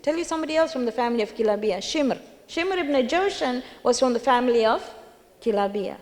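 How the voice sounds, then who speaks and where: A woman's voice: a little high, lively intonation, brisk, darkish tone. A woman giving a religious lecture at a gathering, telling stories emphatically and repeating key phrases for weight. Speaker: majlis speaker. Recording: long hall reverb.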